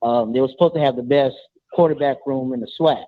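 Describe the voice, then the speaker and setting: A man's voice: medium pitch, fast talker. A man from Charlotte calling into a sports talk show, hesitant with many fillers. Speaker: caller. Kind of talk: phone-in question. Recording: tinny phone line.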